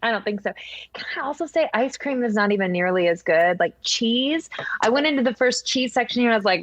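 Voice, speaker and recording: A middle-aged woman from Wisconsin, a professor being interviewed, chatting casually with enthusiastic, animated storytelling. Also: a little high, a little fast, dry recording.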